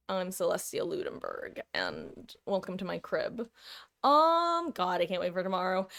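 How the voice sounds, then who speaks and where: A woman live-streamer talks to her chat at a desk mic, wandering from topic to topic and catching herself mid-thought. Her voice sits at an ordinary middle pitch, and she laughs easily between asides. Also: fairly bright tone. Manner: chatty, rambling, self-interrupting, laughs often.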